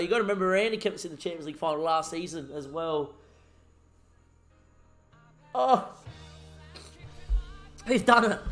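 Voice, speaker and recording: A young man commentating his own football management game, excitable and chatty. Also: fairly high pitch. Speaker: gaming YouTuber.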